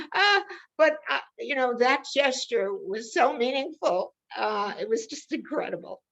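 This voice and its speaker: Lively woman guest telling an anecdote. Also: on the high side, unhurried, vocal fry, dull audio. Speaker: guest of honor. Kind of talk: casual anecdote. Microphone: video call.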